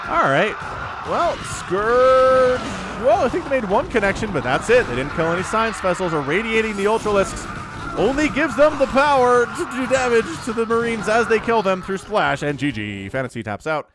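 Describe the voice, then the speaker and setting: A man casting a strategy game match alone, with excitable, jokey play-by-play. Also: sits high, fairly quick, background noise. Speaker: esports caster. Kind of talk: solo game commentary.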